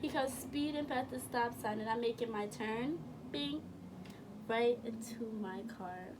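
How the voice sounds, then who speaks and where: A woman's voice: fairly high pitch, fairly even intonation, moderate pace. A young woman telling a casual storytime, rambling and correcting herself as she goes, full of slang. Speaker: vlogger. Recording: from a distance with faint room noise.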